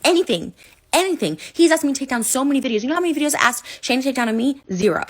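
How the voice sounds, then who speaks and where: An upset online personality rants fast to camera in a high voice, her emotional personal rant rapid and repetitive, packed with "like"s and restarts.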